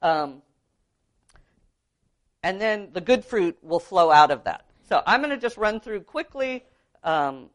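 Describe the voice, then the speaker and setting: A woman with a somewhat low speaking voice teaches biblical counseling. She talks earnestly and casually, checking in with her listeners as she goes. She sounds middle-aged and comes from California. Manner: earnest, conversational, frequent "um" and "right?". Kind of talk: teaching talk with personal testimony.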